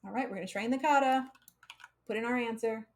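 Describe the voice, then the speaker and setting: A woman's voice: on the high side, a little fast. Chatty American woman teaching code. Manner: chatty, laughs often, uses fillers like um and like. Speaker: coding instructor streaming live. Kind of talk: casual live coding lesson.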